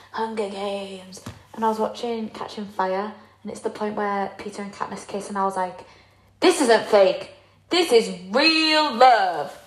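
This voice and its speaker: A young woman co-hosting a podcast who tells stories in an animated way and shares playful, strong opinions. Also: mid-range voice. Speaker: podcast co-host. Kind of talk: casual chat. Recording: echoey room.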